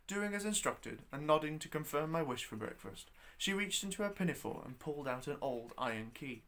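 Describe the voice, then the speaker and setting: A man reading his own novella aloud as narrator, with an expressive, wry delivery. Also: medium pitch, fairly quick, few pauses. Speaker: storyteller.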